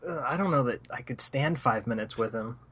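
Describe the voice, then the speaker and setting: A man's voice: mid-range voice, lively intonation, a little fast, fairly bright tone, breathy edge. A man co-hosting a casual podcast, blunt and profane, ranting about what annoys him. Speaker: podcast co-host.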